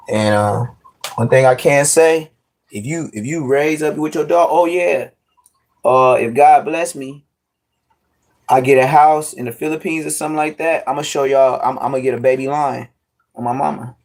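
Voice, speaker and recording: A man's voice: mid-range voice, gravelly. A man talking loosely into his phone on a live stream from home. He wanders from point to point in slang-heavy, profane everyday speech. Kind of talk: casual live-stream chat.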